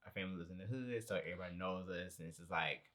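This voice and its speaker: Young man, bright voice, animated laughing storyteller, casual podcast chat. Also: low-pitched, very fast. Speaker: podcast co-host.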